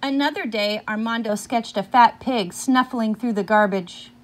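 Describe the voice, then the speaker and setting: A woman with a mid-range voice reads a picture book aloud, occasionally pausing to ask her listeners questions about the story.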